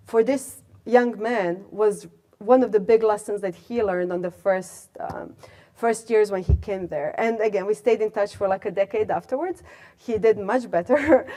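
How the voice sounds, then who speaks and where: A woman, telling a story in a talk to a room, animated and full of fillers. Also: fairly high pitch. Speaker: guest speaker, alumna. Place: lecture room.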